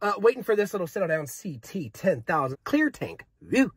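A man's voice: high-pitched, big pitch swings, normal speed, husky, dry recording. A young man reviewing a vape in a casual, hyped, joking vlog, talking straight to his viewers.

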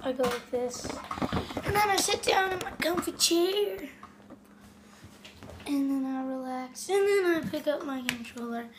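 Woman from Canada, high voice, excitable rambling vlog, slow delivery, noisy phone recording. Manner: rambling, excitable, lots of "like" and "yeah". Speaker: vlogger. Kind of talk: casual vlog. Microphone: phone on a selfie stick.

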